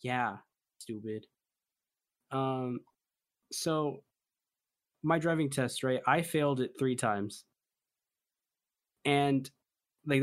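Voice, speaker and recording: A young man, a podcast co-host, in casual chat, relaxed and joking as he rambles through a story. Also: medium pitch.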